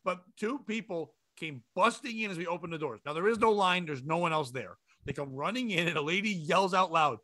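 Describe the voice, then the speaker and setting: A man's voice: sits high, a little fast, no echo. A man co-hosting a casual comedy chat, telling stories and acting out the people in them. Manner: animated storyteller who acts out shouting customers. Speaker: podcast co-host.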